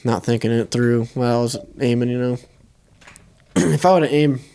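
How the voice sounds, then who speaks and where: A young man co-hosting a podcast tells a hunting story in a loose, easygoing way, swearing often. His voice is smooth and clear, in a middle pitch. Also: a little slow. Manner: relaxed, profane storytelling. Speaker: podcast co-host. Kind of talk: casual hunting story chat.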